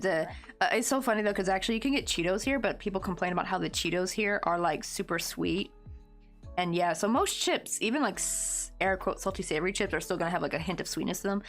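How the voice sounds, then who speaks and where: A woman chatting casually with viewers while crocheting, rambling along with lots of "like" and frequent laughter. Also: medium pitch. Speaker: crochet livestreamer.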